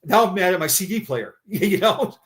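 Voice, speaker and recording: A middle-aged man, a retired police officer, telling a personal story in conversation, halting and often repeating words. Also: high voice, expressive, fairly bright tone.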